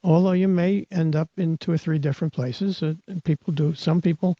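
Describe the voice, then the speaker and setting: A man's voice: on the high side, steady tone, fairly quick, no echo. A man hosting a live audio talk, coaching and teaching in an emphatic way, repeating words and restarting his sentences. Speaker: host and mindset coach. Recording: dull, lo-fi online audio.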